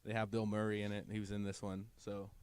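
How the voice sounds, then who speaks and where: A man's voice: on the low side, completely flat delivery, fast talker, a little mellow, clear, resonant tone. A man co-hosting a casual podcast chat, hesitant and full of fillers and restarts, laughing easily. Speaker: podcast co-host.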